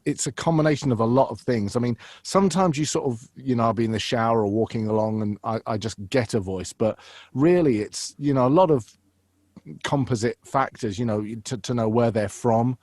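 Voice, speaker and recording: A man's voice: medium pitch, moderate pace, no room sound, clean studio sound. A man who works as a voice actor and impressionist, chatting animatedly in an interview and slipping into voices. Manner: animated, drops into voices mid-sentence; many fillers and restarts. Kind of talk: casual interview.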